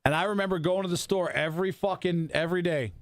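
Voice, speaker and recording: A man's voice: high voice, fast talker. A man in his forties in loose, profane, rambling chat on a radio talk show. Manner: profane, rambling banter with restarts. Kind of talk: casual chat.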